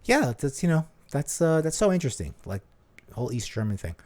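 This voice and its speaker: A man's voice: on the high side, very animated, a little fast, a little mellow. A man co-hosting a podcast, chatting casually in a jokey, rambling way with lots of "like.". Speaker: podcast co-host. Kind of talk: casual chat.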